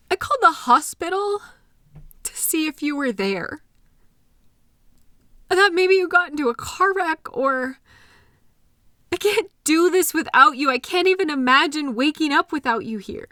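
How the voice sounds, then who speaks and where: An anxious, devoted girlfriend, voiced by a woman in an intimate audio roleplay, speaking in a slightly high, pleading voice. She sighs often and sounds worn out after a sleepless night. The recording is close and dry. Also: lively intonation, a little slow, long pauses, fairly bright tone, dry recording. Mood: worried, pleading.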